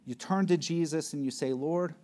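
Here a man works through scripture in an expository sermon, reading each passage slowly and with deliberation. He is emphatic throughout, alternating between booming high points and soft, hushed phrases.

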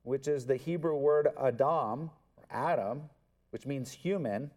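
A man's voice: medium pitch, measured pace, darkish tone. A man preaching an expository sermon, earnest and emphatic, repeating words for stress. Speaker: pastor.

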